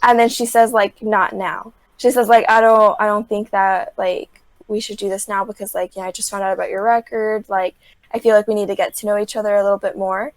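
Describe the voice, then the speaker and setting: A woman's voice: mid-range voice, brisk, no room sound. A young woman casually retelling a reality show on a podcast, packing her talk with "like" and acting out what people said. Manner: filler-heavy, says "like" constantly; animated storytelling, acts out quotes. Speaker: podcast guest.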